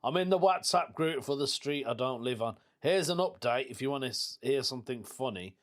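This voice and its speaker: A man's voice: mid-range voice, expressive, fairly quick. A British man hosting a casual solo podcast, chatty and jokey, laughing often. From United Kingdom. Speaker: podcast host.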